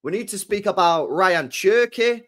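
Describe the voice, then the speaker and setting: Young man, streamer host, slangy and loose, slightly high voice, jumps between shouting and mumbling. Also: expressive, a little slow. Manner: loose and chatty, slang-heavy, swings from loud bursts to mumbling. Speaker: football channel host. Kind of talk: casual live-stream chat.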